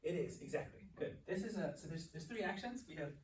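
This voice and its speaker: A young man teaching a Greek class in a church classroom, explaining patiently and repeating words slowly. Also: on the high side, animated. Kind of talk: classroom lecture. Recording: echoey room, distant mic, faint hiss.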